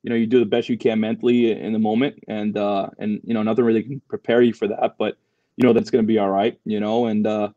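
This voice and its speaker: A man's voice: on the low side, level tone, fast, dark tone, no room sound, muffled recording. A young man, a Marine veteran, telling his story as a podcast guest, loose and full of fillers and swearing. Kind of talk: casual storytelling interview.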